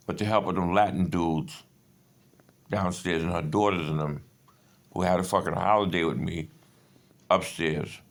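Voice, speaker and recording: A man in his fifties in a rambling personal monologue, agitated and profane, jumping between stories. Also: sits low. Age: 50s. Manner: agitated, profane, digressive storytelling.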